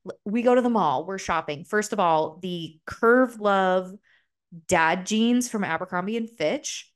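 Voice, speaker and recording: A young woman talks on her podcast in a loose, candid way, with plenty of "like" fillers and a swear word here and there. Her voice sits a little low for a woman. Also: measured pace, clean tone. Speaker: podcast host. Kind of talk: casual solo podcast chat.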